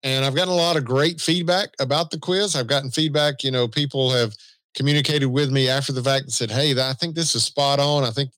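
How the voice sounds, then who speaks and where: A man's voice: medium pitch, steady tone, fairly quick, a bit bright, no room sound. A man with a Southern US accent co-hosting a podcast in easygoing, self-deprecating casual chat. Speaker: podcast co-host.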